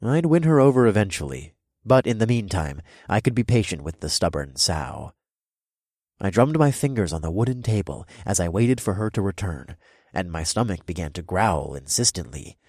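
Deep, husky male audiobook narrator. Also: normal speed, no echo, clean studio sound. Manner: expressive, wry storytelling. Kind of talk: first-person audiobook narration.

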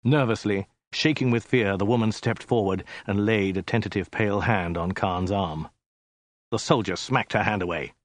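A man reading a story aloud in a dry, deadpan narrating manner. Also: lowish voice, moderate pace, dry recording. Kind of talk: scripted narration.

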